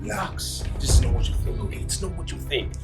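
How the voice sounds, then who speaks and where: An actor playing an apologetic man who tries to calm an angry friend. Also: fairly high pitch, brisk, loud music behind the voice. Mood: placating. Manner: calm, placating. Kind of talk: film drama acting.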